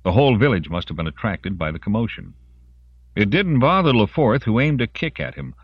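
In this scripted audiobook narration, a man's very deep voice swings widely and expressively in pitch, carrying a breathy edge and a slightly fast pace. The sound is dry and somewhat dull, with minimal room tone and no echo.

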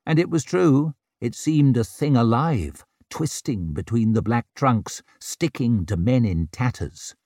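A man giving measured, grave narration of a dark fantasy audiobook. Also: medium pitch, lively intonation, dry recording, studio quality.

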